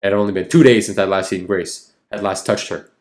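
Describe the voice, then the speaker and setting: A man's voice: deep voice, steady tone, a little fast, a little mellow. A man reading a story game aloud, with wry, exasperated asides between passages. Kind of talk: narrating and commenting casually.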